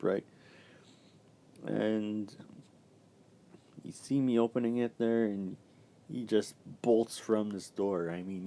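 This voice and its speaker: A young man telling a rambling story about his old job, halting and swearing when worked up. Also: fairly low pitch, warm tone. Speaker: vlogger. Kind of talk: casual storytelling rant.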